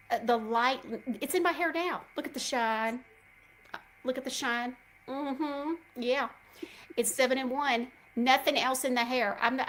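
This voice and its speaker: A middle-aged woman host with a drawl and a fairly high voice, chatting away to her audience. She tells a long, rambling story and calls her listeners "y'all." There is a faint hiss of noise behind her. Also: poor audio. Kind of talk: casual chat.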